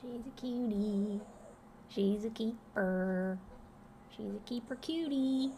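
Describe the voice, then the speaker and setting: A woman's voice: a little high, slow pace, dark tone, a little hiss or hum. A young woman streamer chatting casually and cooing baby talk at her dogs. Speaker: livestreamer. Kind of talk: casual livestream chat.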